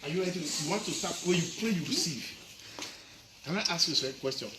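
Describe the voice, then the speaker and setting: A pastor quizzes his listeners in a sermon, pushing each point with repeated questions. His voice sits a little high for a man. The recording is full of clear background noise. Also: expressive, fast. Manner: questioning, repetitive tag questions, Nigerian Pidgin. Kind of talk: sermon questioning children and congregants.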